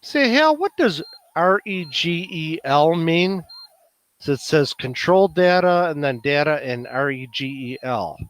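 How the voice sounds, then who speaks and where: A man's voice: on the high side, expressive, a little slow, fairly bright tone. A man with a Chicago accent presenting at a meeting, musing aloud with many fillers. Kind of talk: casual demonstration talk.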